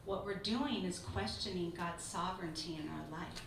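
A woman teaching a Bible study, telling personal stories in a lively, laughing way. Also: lowish voice, normal speed, gravelly. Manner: lively storytelling, laughing through anecdotes. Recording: echoey room from far off, noisy.

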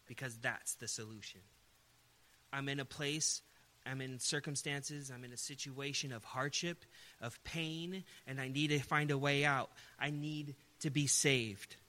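A man's voice: on the high side, sharp tone. A man preaching a sermon in an emphatic way, often putting rhetorical questions to his listeners.

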